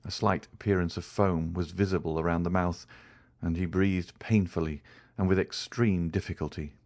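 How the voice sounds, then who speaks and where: A man reading a classic novel aloud as an audiobook narrator, in a measured, dramatic way. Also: low voice, fairly even intonation, a little mellow, dry recording, studio quality. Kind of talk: scripted narration.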